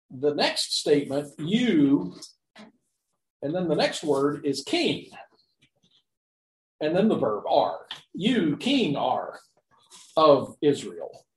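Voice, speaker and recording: Man teaching Bible Greek, echoey room. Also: medium pitch. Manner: halting, frequent fillers and restarts, rhetorical questions. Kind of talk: unscripted Greek grammar lecture.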